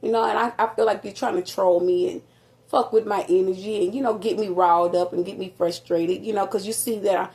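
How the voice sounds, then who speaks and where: A woman with a grown son, casually telling her viewers a story, rambling and animated with many fillers, in a nearly empty apartment with a slight echo. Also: medium pitch, fairly quick. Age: adult with a grown son. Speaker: vlogger.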